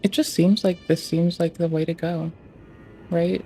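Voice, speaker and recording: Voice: mid-range voice, flat delivery, measured pace, mellow, soft background music. A streamer talking casually and swearing freely, muttering to themself and asking the screen questions while fiddling with game graphics settings. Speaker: livestreamer.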